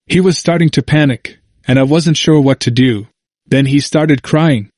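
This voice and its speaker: A man narrating a first-person memoir in a measured, reflective way, recorded on a close studio mic. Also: a little high, a little mellow, no echo. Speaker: audiobook narrator.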